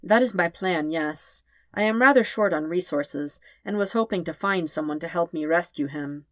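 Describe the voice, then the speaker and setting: A soft-spoken old man, formal and sorrowful, speaking low and hushed in a storybook reading, as a woman puts him on. The voice sits low and dry, close and plain. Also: moderate pace, no echo, close to an everyday voice. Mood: grave. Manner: formal, grave, quiet.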